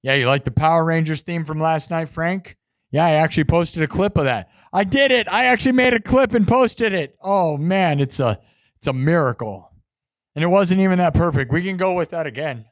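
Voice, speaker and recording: A man's voice: a little high, brisk, no echo. A man hosting a live music stream, chatting with viewers in a boastful, defensive way. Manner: boastful, defensive, talking to chat. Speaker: livestream host and musician. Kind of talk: casual livestream chat.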